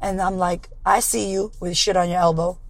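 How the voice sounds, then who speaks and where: A woman podcast host with a hoarse, raspy voice, delivering a blunt, profane motivational monologue. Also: on the low side, level tone, moderate pace, dry recording, rough recording.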